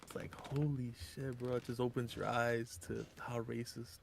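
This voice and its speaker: A man's voice: medium pitch, normal speed, creaky, a little hiss or hum. A young man and regular streamer casually telling a story, cursing and acting out the people in it. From Mexican heritage. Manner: animated, acts out voices in anecdotes, profane.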